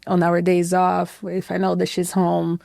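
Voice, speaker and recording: Gravelly Brazilian woman telling stories. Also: on the low side, measured pace, no echo, studio quality. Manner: lively storytelling, acts out quoted voices, many "like" and "I feel that" fillers. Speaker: podcast guest, head bartender. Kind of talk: casual interview chat.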